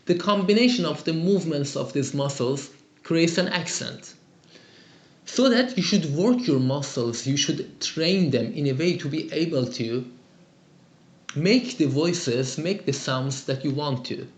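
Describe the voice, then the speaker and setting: A man's voice: fairly high pitch, expressive, unhurried, roomy sound. A man teaching an English lesson and answering students' calls in an upbeat, chatty way, with lots of fillers. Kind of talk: live lesson and call-in Q&A.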